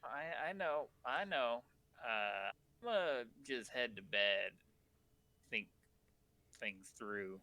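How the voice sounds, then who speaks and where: A man playing a tabletop game, speaking in character in a halting way. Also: medium pitch, lively intonation, sharp tone. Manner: halting, repeats words. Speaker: player. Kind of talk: casual game chat and in-character talk.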